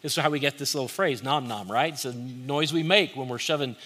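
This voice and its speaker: A man delivers a sermon with a bright, forceful tone and a voice pitched in the middle range. He preaches earnestly but conversationally, leaning on repeated phrases to drive each point home. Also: a little fast, slightly rough. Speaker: pastor.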